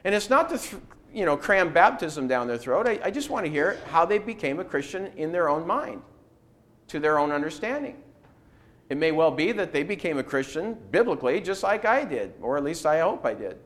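A man's voice: a little high, very animated, a little fast, fairly bright tone. A man teaching a Bible class who poses rhetorical questions and acts out quoted replies.

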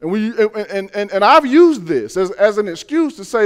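A man preaching a sermon, animated, acting out quoted voices, with frequent stammered restarts. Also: sits high, moderate pace. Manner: many repeated word restarts.

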